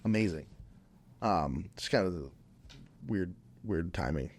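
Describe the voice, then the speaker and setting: A man from Minnesota with a low, deep voice tells a story on a podcast. He talks casually and loosely, doubling back, restarting sentences and filling gaps with ums. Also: moderate pace. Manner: rambling, many restarts and fillers. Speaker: podcast guest.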